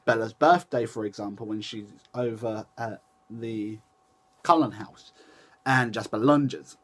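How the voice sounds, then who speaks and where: A man's voice: fairly low pitch, a little slow, fairly bright tone. A young man chatting casually to camera in a rambling way, often restarting and correcting himself. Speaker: vlogger.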